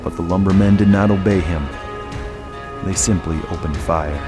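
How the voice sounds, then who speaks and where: A man reads a dramatic first-person tale in a measured, deliberate manner. His voice sits on the low side. Clear background music runs beneath the narration. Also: steady tone. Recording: music playing underneath.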